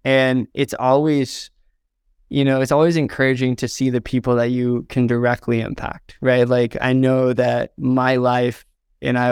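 An earnest young man from southern Indiana, US, a videographer, is a podcast interview guest telling a heartfelt story. His voice is medium in pitch with a slight fry, captured dry and close without room sound. He uses "like" and "um" as fillers and gets choked up.

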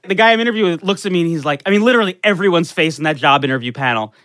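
A young man telling a profane, animated story in casual chat, full of restarts and "like". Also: on the high side, rapid-fire, slight background noise.

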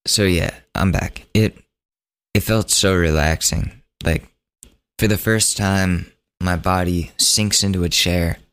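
A man's voice: low-pitched, steady tone, slow, fairly bright tone. A man hosting a podcast, telling a personal story in a laid-back, joking, chatty way. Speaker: podcast host. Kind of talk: casual storytelling monologue.

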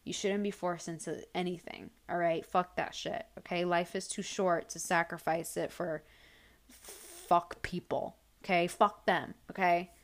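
A woman's voice: lowish voice, steady tone, normal speed, hardly any pauses. A young woman hosting a casual advice podcast, answering listener questions bluntly and heatedly, with lots of swearing.

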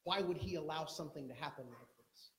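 A man with a high voice preaches a sermon with emphatic, dramatic swings between loud urgency and low intensity, acting out the people in his story. His voice rings out in a reverberant room, like a church sanctuary. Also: fast. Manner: acts out quoted speech. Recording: echoey room.

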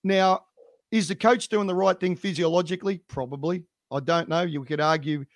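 Emphatic man, slightly high voice. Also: steady tone, normal speed, no room sound. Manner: emphatic, repeats points for stress. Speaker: swim coach, podcast co-host. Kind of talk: casual podcast chat.

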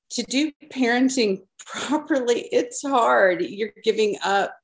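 A woman panel guest talking in a measured, halting way over a video call. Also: fairly low pitch, rough recording. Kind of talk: casual panel chat.

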